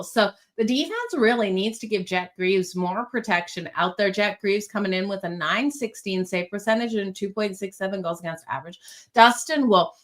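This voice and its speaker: A woman's voice: mid-range voice, a bit bright. A woman hosting a sports betting show, talking casually and upbeat, often addressing viewers directly. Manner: chatty, upbeat, addresses viewers as "you guys". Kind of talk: casual picks and predictions talk.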